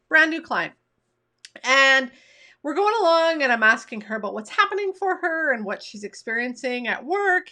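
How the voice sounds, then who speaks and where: A woman coach with a high, bright voice gives a motivational talk. She speaks straight to the listener in an open, conversational way. Her storytelling is lively and expressive. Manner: conversational, warm direct address to listener. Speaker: leadership development coach.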